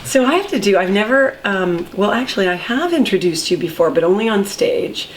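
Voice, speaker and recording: A woman hosting a talk show, telling stories in a lively chat with her guest. Her voice sits at an ordinary pitch, with a faint hiss underneath. She acts out the lines she quotes. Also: brisk. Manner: warm storytelling, animated quoting. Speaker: podcast host. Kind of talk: casual interview chat.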